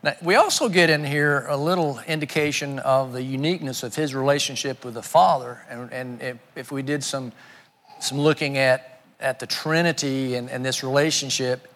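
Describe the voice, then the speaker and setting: A man's voice: medium pitch, normal speed, a bit bright. Earnest man preaching in a reverberant hall. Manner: earnest, repeats words while searching for phrasing. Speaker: guest preacher. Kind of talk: sermon.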